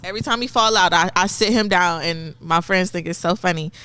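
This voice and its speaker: A young mother who is a podcast guest, talking in a calm, supportive way in casual chat. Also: on the low side, a little fast.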